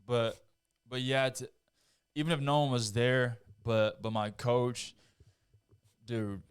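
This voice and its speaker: Smooth, flat-voiced male podcast host. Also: mid-range voice, slow, no echo, studio quality. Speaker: podcast host, martial artist. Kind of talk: casual podcast chat.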